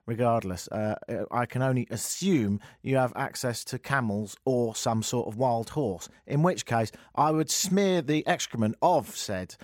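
A middle-aged radio host in casual talk, dry and self-mocking, with a rambling delivery. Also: male voice, medium pitch, unhurried, few pauses, dry recording. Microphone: studio mic.

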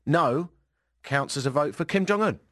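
A man's voice: on the high side, lively intonation, moderate pace, a bit bright, dry recording. A man hosting a radio chat show, wry and sarcastic. His voice rises and falls a lot, and the dry studio sound keeps him close.

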